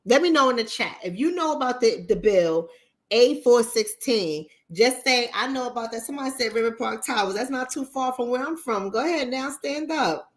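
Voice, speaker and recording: Woman, Bronx accent, livestream host, casual chat, blunt, profane, higher voice, lively pitch. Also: normal speed. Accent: New York, Bronx. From New York, the Bronx. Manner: blunt, profane, animated, mimics others in high voices. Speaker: relationship coach and livestream host.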